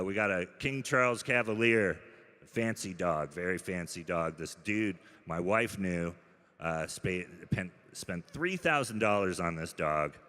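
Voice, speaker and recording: A man doing a stand-up routine in deadpan storytelling mode, with sudden loud bursts. His voice sits fairly low and sounds bright and forceful. The live stage sound carries a long hall reverb. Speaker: stand-up comedian. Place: comedy club stage.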